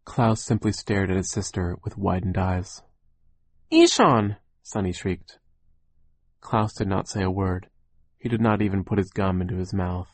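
A man with a deep voice narrates a children's storybook in a wry, deliberate way. He is recorded close on the mic in a dry, dead room. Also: flat delivery, a little mellow, no echo. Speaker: audiobook narrator. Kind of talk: scripted narration.

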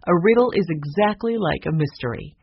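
Casting: narrator playing a gentle, wistful old lady, lively voice, muffled storybook audio. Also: medium pitch, fairly quick, gravelly, breathy edge, no room sound. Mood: kindly. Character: older woman, kindly, wistful homeowner.

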